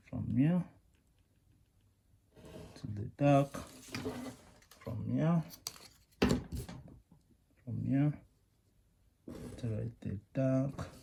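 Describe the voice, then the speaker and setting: A man's voice: mid-range voice, vocal fry, mellow, a little hiss or hum. A man with a South African accent teaching technical drawing step by step. He repeats phrases, keeps asking whether students understand, and scolds common mistakes. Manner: repeats phrases, asks "you understand?" often. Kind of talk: classroom demonstration lesson.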